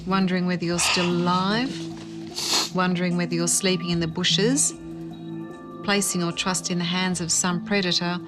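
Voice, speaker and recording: Flat-voiced mother reading a worried letter. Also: on the low side, moderate pace. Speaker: mother of a teen. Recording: narration with loud background music.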